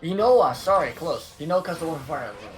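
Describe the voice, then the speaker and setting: A man's voice: a little high, very animated, fairly quick, faint music behind. Rambling male gamer on voice chat. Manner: rambling, unsure, laughs along. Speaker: guest co-player. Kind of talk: casual chat over voice call.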